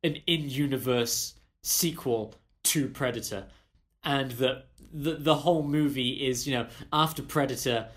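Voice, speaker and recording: A man's voice: medium pitch, unhurried. A man co-hosting a casual podcast chat, playful and easily amused. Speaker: podcast co-host.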